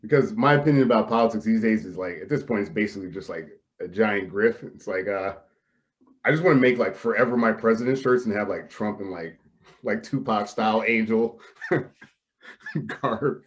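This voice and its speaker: A young man hosts a casual comedy podcast from home, talking over a video call. His voice sits a little low, and he rambles through jokes with plenty of "like"s and easy laughter. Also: moderate pace. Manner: laughs often, filler-heavy rambling. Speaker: podcast host.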